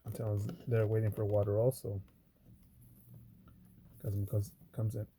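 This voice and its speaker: A man's voice: fairly low pitch, flat delivery, moderate pace, long pauses, dark tone, slight background noise. A man talking in a loose, meandering way while sorting coins, with lots of fillers and cursing. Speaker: coin roll hunter. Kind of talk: casual rambling vlog talk.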